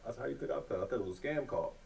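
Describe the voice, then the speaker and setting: A man's voice: mid-range voice, animated, very fast, gravelly, a little mellow, distant mic, a little hiss or hum, rough recording. A father telling a story in an interview, plainspoken with many fillers.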